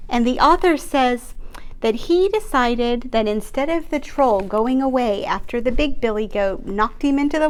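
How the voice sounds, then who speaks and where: Slow, gentle children's librarian reading aloud. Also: female voice, fairly high pitch. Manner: gentle, explaining pictures to children. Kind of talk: picture-book read-aloud.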